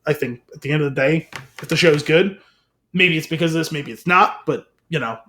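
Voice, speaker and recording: A man's voice: a little high, fairly quick, pushed and bright, a little hiss or hum. A man co-hosting a film podcast in casual chat, rambling and hedging with frequent laughs. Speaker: podcast co-host.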